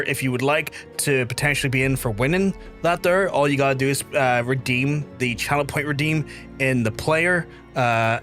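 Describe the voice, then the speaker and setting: A man's voice: medium pitch, a bit bright. A man streaming a game, chatting casually with his viewers, swearing freely and laughing often. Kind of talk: casual live-stream chat.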